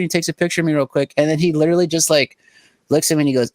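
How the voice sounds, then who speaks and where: A man's voice: fairly high pitch, steady tone, fast. A young man from Southern California, co-hosting a podcast and telling rambling, profane stories full of "like" in casual chat. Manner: rambling, profane storytelling with frequent "like". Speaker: podcast co-host.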